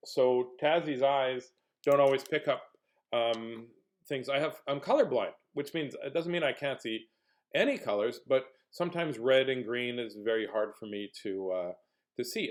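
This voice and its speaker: A man's voice: mid-range voice, normal speed. Playful man reading to kids. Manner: playful, chatty, greets young viewers by name; jokey, clowning between reading. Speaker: children's book reader and host. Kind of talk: casual read-aloud livestream for kids.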